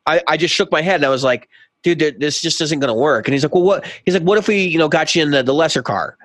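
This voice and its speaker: A man's voice: fairly high pitch, quick pace, a bit bright, dry recording. A man co-hosting a podcast who tells a long story in casual chat and acts out both sides of a heated exchange. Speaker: podcast co-host.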